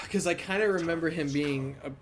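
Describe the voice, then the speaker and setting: A man's voice: fairly high pitch, moderate pace, a little hiss or hum. A tired man giving casual, profane gameplay commentary late at night, rambling between laughing asides. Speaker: let's play gamer.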